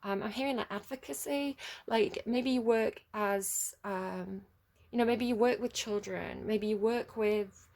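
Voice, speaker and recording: A woman with a standard southern English accent talks through a tarot reading. She rambles, restarts her sentences and fills the gaps with "um" and "like". Her pitch sits in the middle of the usual range for a woman. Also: unhurried, creaky, a little mellow. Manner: rambling, many fillers and restarts, laughs at herself. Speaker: tarot reader. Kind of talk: casual spoken tarot reading.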